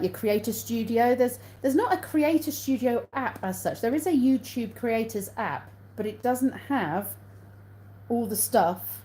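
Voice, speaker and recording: A woman's voice: mid-range voice, mellow, a little hiss or hum, rough recording. An English woman hosting a casual live stream on her phone, reading out viewer comments, answering them and laughing often. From England.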